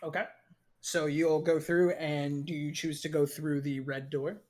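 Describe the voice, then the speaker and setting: A game master narrating a tabletop role-playing game in a brisk, descriptive way. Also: mid-range voice, flat delivery, darkish tone.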